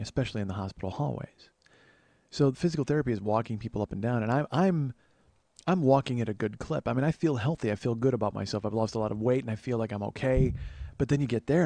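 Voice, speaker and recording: Forties male comic host, wry and profane, rambling storyteller, mid-pitched voice, dry close recording. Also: mellow, dry recording. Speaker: comedian host. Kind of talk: comedic storytelling monologue.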